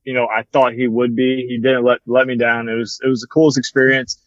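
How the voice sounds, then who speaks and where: A man's voice: mid-range voice, fairly quick, no echo. Young guy rambling thru a story, lots of "like" and "you know", kinda muffled dry audio. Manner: relaxed, rambling, many fillers like "like" and "you know". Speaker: guest, former bat boy. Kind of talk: casual storytelling.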